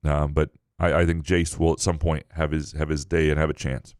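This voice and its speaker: Deep-voiced man, 40s, sportswriter, casual podcast analysis, many fillers, dry close mic. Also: little pitch movement, a little fast, darkish tone, smooth, dry recording. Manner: thoughtful analysis with many fillers, easy laughter.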